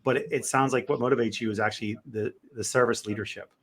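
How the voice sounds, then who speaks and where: A man's voice: medium pitch, fairly even intonation, fairly bright tone. An American man co-hosting a casual podcast, chatty and joking as he asks questions. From United States. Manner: jokey, chatty, quick. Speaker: podcast co-host.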